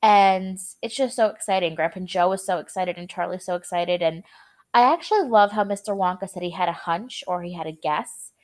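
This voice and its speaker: A woman's voice: on the low side, a little fast. A young woman teacher reading a chapter aloud to her students and explaining words in a casual, chatty way.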